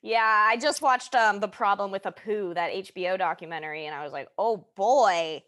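A woman co-hosting a podcast in casual chat, giggly and animated, trailing off with fillers. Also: mid-range voice, brisk, no room sound, clean studio sound. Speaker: podcast co-host.

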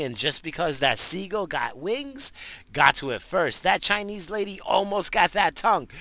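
Gravelly, sharp-voiced ranting man, high. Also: dry recording. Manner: profane, slangy, rambling. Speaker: commentator. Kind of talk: rambling comedic rant.

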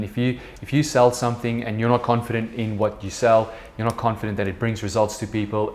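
A man in his thirties from South Africa with an Afrikaans accent, talking casually and rambling with many fillers on his own podcast. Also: on the low side. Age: 30s. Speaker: podcast host, business co-founder. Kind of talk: casual solo podcast talk.

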